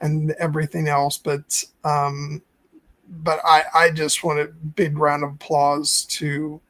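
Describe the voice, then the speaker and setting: Excited man gushing about films. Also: fairly high pitch, slow pace, no room sound. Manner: enthusiastic, many restarts and swearing. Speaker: podcast host. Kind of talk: casual film discussion.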